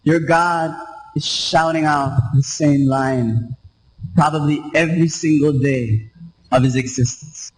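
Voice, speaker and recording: High-voiced man preaching. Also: takes it slowly, low-quality recording. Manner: emphatic and repetitive, with rhetorical questions. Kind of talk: sermon. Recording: radio live stream.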